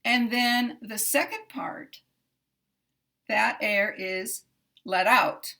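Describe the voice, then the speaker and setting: A woman teaching English pronunciation, explaining sounds in a careful, measured way and repeating example sentences. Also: on the high side, bright, forceful tone. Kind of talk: slow, deliberate pronunciation lesson.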